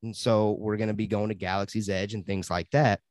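A man's voice: lowish voice, flat delivery, a little fast, darkish tone, dry recording. Laid-back man on a dry mic. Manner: enthusiastic, rambling, laughs often. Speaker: podcast co-host. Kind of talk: casual chat.

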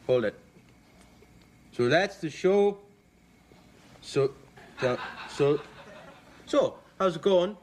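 A man's voice: on the high side, lively intonation, very slow, long pauses, a little mellow, slight background noise. An actor playing a dim-witted young Canadian man who hosts a cheap show with his brother, rambling with "like" and "right?", with a Canadian accent. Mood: rambling chat. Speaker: comedy sketch character.

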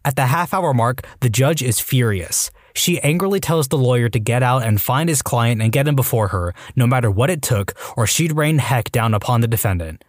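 A man narrates a string of short stories in a scripted read. His pitch rises and falls freely as he tells them. The sound is close and dry, with no room around it. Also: animated, normal speed, hardly any pauses, no room sound. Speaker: narrator reading online stories.

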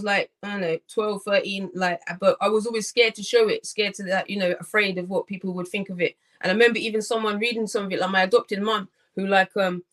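A young woman talks quickly and loosely on a video call, joking as she goes. Her pitch sits in the middle of the range. She keeps stringing her thoughts together with fillers. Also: fairly bright tone. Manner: chatty and joking, full of fillers. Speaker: guest, poet and artist. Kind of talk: casual interview over video call.

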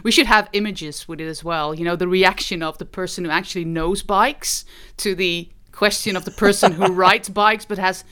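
A woman's voice: fairly low pitch, steady tone, normal speed, sharp tone, clear, resonant tone. A woman on a podcast talking casually, hesitant and self-deprecating.

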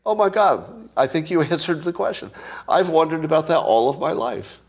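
A man's voice: fairly high pitch, lively intonation, moderate pace. A man hosting a casual solo commentary, musing aloud, asking rhetorical questions and chuckling to himself. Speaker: show host commentator.

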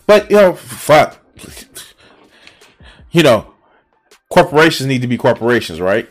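A man streaming a reaction, ranting with sarcasm and profanity, swinging from low mutters to loud outbursts. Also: very animated, a little slow, pauses often, soft background music. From Chicago area.

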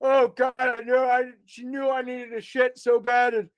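A man's voice: extremely high pitch, completely flat delivery, moderate pace, pitched above the performer's own voice. A man voicing a furious middle-aged dad who curses and rants while desperate for the toilet. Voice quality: cursing, ranting.

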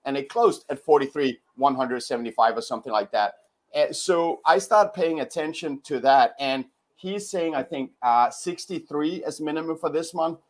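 A male panel guest in a casual live-stream talk, speaking at a middle pitch. He builds his case steadily, working through figures one after another. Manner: measured, builds an argument with numbers. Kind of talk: casual analytical chat.

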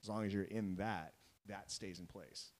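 A man's voice: deep voice, moderate pace, rough recording. A man speaking as a coaching guest in a podcast conversation, earnest and explanatory, often checking in with his listeners. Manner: earnest, keeps checking in with "right?" and "you know?". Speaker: guest, mental coach for athletes.

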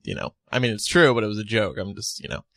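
A man's voice: lowish voice, lively intonation, a bit bright, no echo. A man hosting a casual podcast, chatting with co-hosts and often trailing off into fillers and restarts. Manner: rambling, halting with fillers. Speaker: podcast host.

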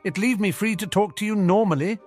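A man voicing a sugary, prying woman reporter in an audiobook reading, his voice pushed well up into a high register. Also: fairly quick, darkish tone, faint music behind. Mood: gushing. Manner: gushing, prying. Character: scheming female reporter, sugary and nosy.

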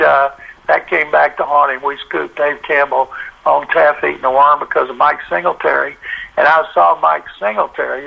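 An older sportswriter tells a long anecdote, acting out every quote. His voice sits a bit high for a man and is deeply gravelly. The audio sounds muffled and lo-fi. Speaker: sportswriter guest. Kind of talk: storytelling in a podcast interview.

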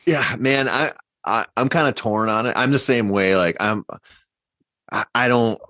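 A man casually telling a long story in a rambling, animated way, full of fillers and restarts. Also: mid-range voice, unhurried, dry recording. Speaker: podcast guest hunter. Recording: dull, dry podcast mic.

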